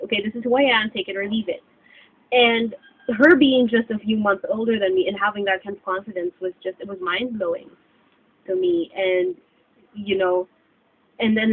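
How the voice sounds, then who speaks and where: A young woman chats loosely to her viewers, piling on fillers as she goes. Her voice sits in an ordinary middle register. It is recorded on a cell phone, so the sound is thin and phone-like. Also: mid-range voice. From Philippines. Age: 20s. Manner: chatty, rambling with many fillers. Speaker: vlogger. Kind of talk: casual vlog chat. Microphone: cell phone camera. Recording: tinny phone-like lo-fi audio.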